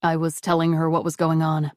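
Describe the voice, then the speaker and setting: A woman's voice: low voice, monotone, no room sound, clean studio sound, close to an everyday voice. A woman reader voicing an upset middle-aged father who talks bluntly and with disgust. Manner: blunt, disgusted, quick to deny.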